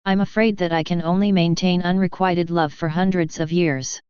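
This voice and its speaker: A woman's voice: fairly low pitch, fairly even intonation, moderate pace, smooth, no room sound, dull audio, lightly acted. A woman voicing a shy, earnest young woman in love who speaks in a troubled, sincere way in an audiobook.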